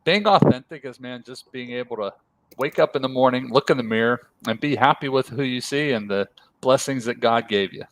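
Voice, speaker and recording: Energetic guy from pennsylvania guesting on a podcast, mid pitch, dry close sound. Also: no echo. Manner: energetic, laughing, calls the host brother. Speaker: guest speaker coach. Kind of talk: podcast interview.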